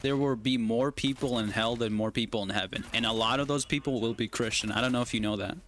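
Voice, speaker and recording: A man's voice: mid-range voice, quick pace, fairly bright tone, a little hiss or hum. Rambling young man telling a story. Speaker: streamer. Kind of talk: casual chat while gaming on a stream.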